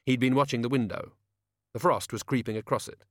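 A man narrating a story as an audiobook, steady and wry. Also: mid-range voice, brisk, dry recording, studio quality.

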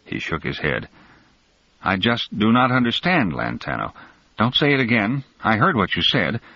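A shaken, bewildered man speaks haltingly, his voice sitting on the low side, as a man reads his lines. The sound is dry and dull, like a lo-fi recording. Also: wildly swooping pitch, dry recording, exaggerated voice.

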